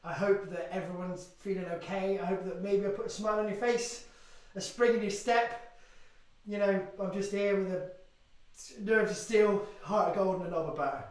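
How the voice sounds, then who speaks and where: A man's voice: high-pitched, steady tone, moderate pace. A man from Bristol, a folk singer-songwriter, chatting between songs in a rambling, jokey way with casual swearing. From Bristol, England. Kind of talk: banter between songs at a live-streamed gig. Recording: very echoey, distant mic, loud ukulele.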